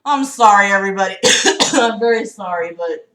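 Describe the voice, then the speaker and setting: A woman's voice: mid-range voice, moderate pace, a bit bright. A young woman with a slight cough hosting a casual livestream, chatting, swearing freely and reading a friend's book aloud. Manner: chatty, profane, fretful and giggly. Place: room at home. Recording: echoey home room.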